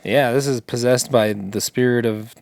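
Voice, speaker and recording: A man's voice: mid-range voice, fairly even intonation, moderate pace, vocal fry, darkish tone, no echo. A young man co-hosting a comedy chat, joking, laughing often and reading aloud with mock gravity. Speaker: comedy podcast co-host.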